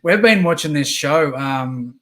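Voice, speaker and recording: A man's voice: fairly high pitch, expressive, measured pace, a bit bright. A man hosting a casual livestream interview, easygoing and rambling with lots of ums and uhs. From Australia. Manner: easygoing, rambling with many fillers. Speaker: livestream host.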